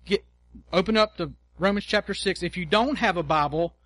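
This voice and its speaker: A man's voice: high voice, fairly quick, a bit bright, no room sound. A man preaching a sermon in a conversational, emphatic way, acting out quoted prayers and repeating key lines. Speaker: pastor.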